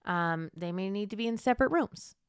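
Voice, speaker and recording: A woman hosting a podcast, coaching mothers in an encouraging, gently reassuring teaching monologue. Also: mid-range voice, expressive, fairly quick, smooth, no echo, clean studio sound. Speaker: podcast host and Catholic mom coach.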